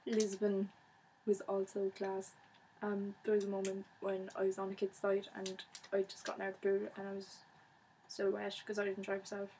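Young woman vlogger, chatty and bubbly, monotone delivery, light hiss behind. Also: mid-range voice, moderate pace, low-quality recording. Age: young adult. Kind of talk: casual chat to camera.

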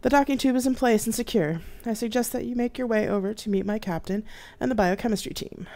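A woman voicing a smooth, courteous male starship AI with a slight accent. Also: a little high, fast talker, warm tone, voice pushed up, lightly acted.

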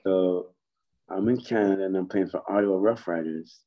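A man's voice: sits low, moderate pace, highs cut off. A man telling stories on a podcast as a guest, laughing often and swearing freely. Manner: laughing, profane storyteller. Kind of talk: casual storytelling chat.

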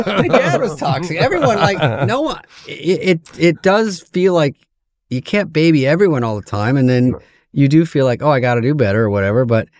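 A middle-aged man, a comedian guest, telling stories in casual chat, profane and animated, acting out quoted voices. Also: on the high side, normal speed, no room sound, clean studio sound.

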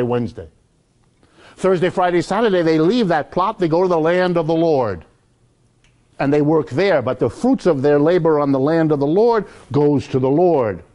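A man giving a public lecture, telling history like a story and acting out quotes in a lively, punchline-driven way. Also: fairly high pitch.

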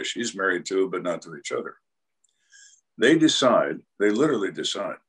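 A man's voice: low voice, a bit bright, husky. An older man, a retired homicide detective, telling cases as an interview guest in a blunt, dry and dramatic way. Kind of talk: storytelling interview.

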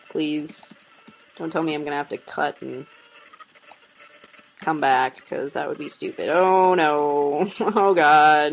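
A woman's voice: low voice, a little hiss or hum, low-quality recording. A young woman doing casual gameplay commentary, chatting to viewers, laughing often and swearing freely. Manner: chatty, talks to viewers while playing. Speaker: let's player.

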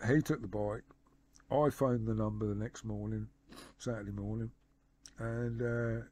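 Man retelling a phone call, mellow voice. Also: mid-range voice. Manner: rambling retelling of a phone conversation, lots of "he said" and "I said". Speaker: motorcycle vlogger. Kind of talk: casual storytelling to camera.

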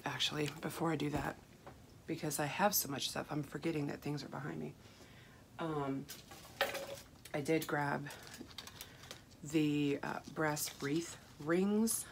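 A woman, chatting casually and softly as a vlogger, rambling with fillers, her voice rough and froggy. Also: low-pitched, steady tone, unhurried, pauses often. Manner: soft-spoken, rambling with fillers and restarts. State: rough, froggy voice with throat clearing. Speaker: craft haul vlogger. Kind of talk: casual chat. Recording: clear background hiss, crinkling packaging.

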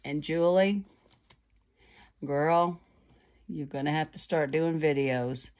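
A low-pitched woman talks casually into her phone at home. She rambles warmly through fillers and restarts, showing off crafts to viewers. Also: slow pace. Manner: chatty, many fillers and restarts. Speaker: card-making vlogger. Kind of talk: casual chat to camera. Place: at home, indoors. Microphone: phone camera.

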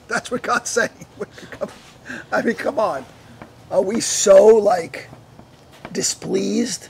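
A man preaching a sermon with animated delivery, firing rhetorical questions at the congregation and laughing often between points. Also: high voice, drawn-out words, gravelly, long pauses, a little hiss or hum. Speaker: pastor.

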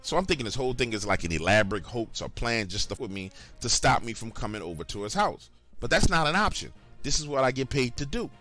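Man, lively telling. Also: medium pitch, fast, faint music behind. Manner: casual, conversational, addresses listeners directly. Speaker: storyteller. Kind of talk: first-person horror story narration.

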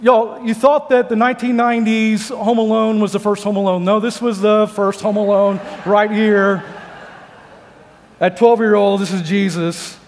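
A man's voice: sits high, level tone, moderate pace. A man preaching a sermon, mixing scripture reading with joking, conversational stories. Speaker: pastor. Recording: long hall reverb.

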